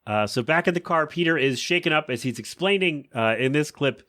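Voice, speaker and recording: Man host, casual recap, bright forceful voice, does silly character voices. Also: on the high side, fairly quick. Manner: chatty, acts out quoted lines in funny voices. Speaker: podcast host.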